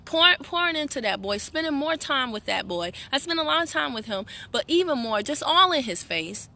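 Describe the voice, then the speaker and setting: Animated woman, bright voice. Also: high-pitched, normal speed, vocal fry. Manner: animated, chatty, laughs often, addresses viewers as y'all. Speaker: wellness products seller and team leader. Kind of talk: casual livestream talk to followers.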